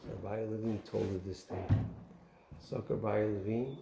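A man giving an animated Torah talk, asking rhetorical questions and telling stories. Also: lowish voice, moderate pace, gravelly, roomy sound, slight background noise. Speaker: Torah teacher.

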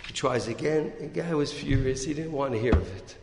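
Animated storytelling man in an echoey hall. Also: on the high side, brisk, creaky, over music. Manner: animated storyteller, acts out quotes with rising and dropping voice. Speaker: rabbi giving a Torah talk. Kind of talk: storytelling sermon. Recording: echoey hall, faint noise.

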